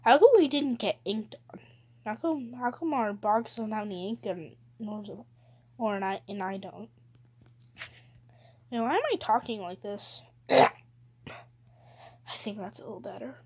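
A woman's voice: medium pitch, a little slow, pauses often, a little mellow, breathy edge. A woman giving playful, rambling commentary while playing a video game, breaking into giggles, squeals and cheers. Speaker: gaming video host. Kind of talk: playful live gameplay commentary.

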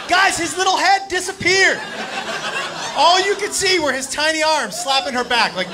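A man telling a loud, profane story as a stand-up comedian, acting out the people in it. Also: very high voice, animated, moderate pace. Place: comedy club stage with laughing audience. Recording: live club recording with crowd noise.

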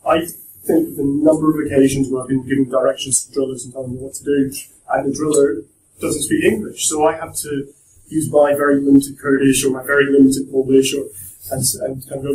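A man's voice: mid-range voice, level tone, a little fast, a little mellow, far from the mic. Joking man lecturing in an echoey room. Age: young adult. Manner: chatty, joking, with restarts. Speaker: guest speaker at a university talk. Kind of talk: casual presentation to students.

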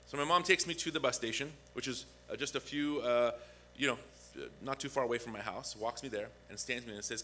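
A man's voice: medium pitch, fast, a little hiss or hum. A man preaching a conversational sermon as a guest pastor, telling a personal story. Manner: conversational, animated when acting out quotes. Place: church.

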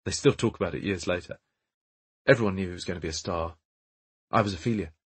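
A man reading the part of a nervous young English actress in an audiobook, quiet and hesitant. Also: sits low, fast talker, husky. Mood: wistful.

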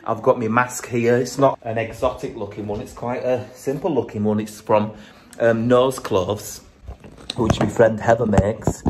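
A man's voice: mid-range voice, fairly even intonation, a little slow, darkish tone, a little hiss or hum. A middle-aged man hosting a TV show, rambling and joking through a casual video diary backstage in a studio dressing room, filmed on a handheld phone. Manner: rambling, jokey, self-mocking. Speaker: TV show host.

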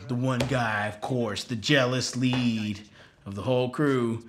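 A man's voice: medium pitch, steady tone, measured pace, a little hiss or hum. A man doing a crude, rambling, profane comic retelling of a film. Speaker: comedian.

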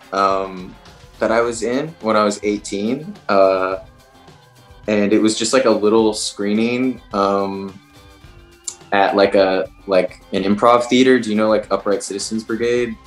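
A man's voice: on the low side, measured pace. A young man, an actor, chatting casually in an interview and rambling with lots of fillers. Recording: roomy with faint music.

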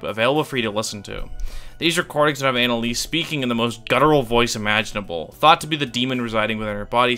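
Man, scripted video narration, wry offhand asides, bright forward tone, faint music underneath. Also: mid-range voice. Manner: wry, offhand, swears for comic effect. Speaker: YouTube iceberg explainer.

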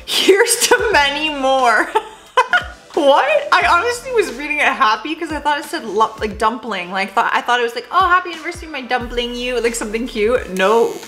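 A woman with a slightly high, bright voice talks through a casual reaction video. Her delivery is sassy and playful, swooping widely in pitch and often breaking into laughter. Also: animated, moderate pace, faint music behind. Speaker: host reading and reacting to text messages.

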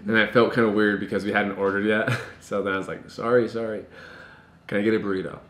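A man's voice: on the low side, flat delivery, quick pace, a bit bright, roomy sound. A young man, a family vlogger, talking casually and jokingly to his viewers. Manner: jokey, upbeat, addresses viewers. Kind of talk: casual vlog talk.

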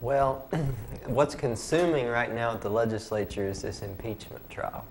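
A man, a guest legislator, talking in an earnest, measured way over dinner. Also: mid-range voice, fairly even intonation, noisy background. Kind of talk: casual chat.

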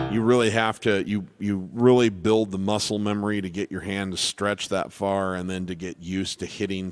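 A man's voice: sits low, clear, resonant tone, dry recording. Laid-back man teaching piano. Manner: relaxed, rambling, self-deprecating with many restarts. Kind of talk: casual live Q&A lesson.

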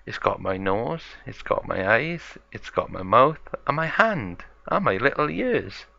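A man voicing a cheerful, chatty little girl piglet in a home-made toy story, with an excited sing-song child voice. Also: medium pitch, measured pace, gravelly, exaggerated voice. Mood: delighted. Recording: dull lo-fi home recording.

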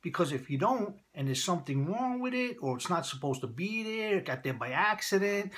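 Husky bright-voiced Brooklyn man rambling. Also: high-pitched, very animated, fairly quick. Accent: Brooklyn, New York. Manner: rambling, repetitive, folksy. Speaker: vlogger. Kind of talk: casual storytelling to camera.

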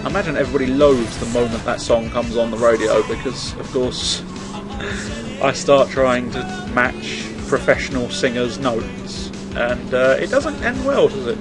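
A man's voice: mid-range voice, expressive, measured pace, over music. A young man giving jokey, chatty commentary over a video game, humming tunes along as he plays. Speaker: let's play host. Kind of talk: casual gameplay commentary.

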